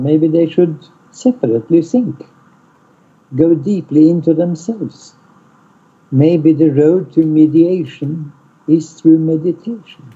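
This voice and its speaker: A man lecturing in an online seminar, deliberate and blunt, stressing single words, over muffled call audio. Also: a little high, creaky, mellow, breathy edge. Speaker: lecturer on peace studies. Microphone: video call.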